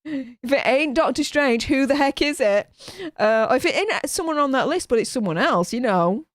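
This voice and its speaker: A woman hosting a live stream, chatty and animated, reading out viewer comments with lots of fillers. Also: high-pitched, normal speed, no room sound, studio quality. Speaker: host reading live chat. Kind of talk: casual live-stream chat.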